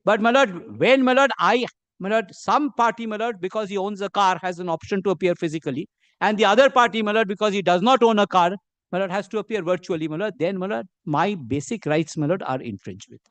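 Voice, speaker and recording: Middle-aged male advocate with an Indian English accent, fairly high voice, halting and deferential delivery with pointed questions. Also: fairly bright tone, dry recording. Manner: halting, peppers every phrase with "my lord". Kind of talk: courtroom legal argument.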